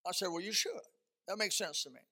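A man preaching a sermon, telling a counseling story and repeating words for stress, his voice swelling louder at key points. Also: high voice, fast.

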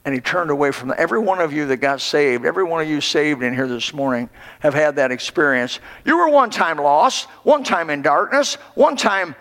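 A man's voice: a little high, a little fast, fairly bright tone, long reverb tail. A man preaching a sermon in a church, with impassioned, rising and falling emphasis. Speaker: pastor. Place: church sanctuary.

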